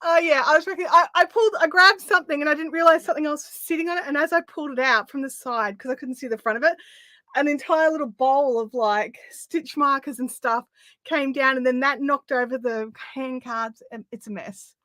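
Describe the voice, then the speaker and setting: A woman's voice: high voice, a little fast, bright, forceful tone, no echo. An Australian woman hosting a casual live craft chat, chatty and easily amused, a little out of breath. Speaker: craft livestream host.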